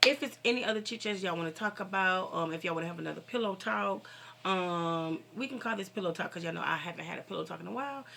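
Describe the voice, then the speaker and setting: A woman's voice: fairly low pitch, fast, vocal fry, sharp tone, slight background noise. A middle-aged woman vlogger having a casual, heartfelt vent to her viewers, fervent and preachy, talking straight at them.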